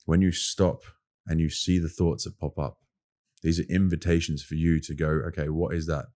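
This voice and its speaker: A man's voice: low-pitched, steady tone, normal speed, warm tone. A man with an Australian accent, talking as a podcast guest in casual conversation, earnest and emphatic, often repeating his points.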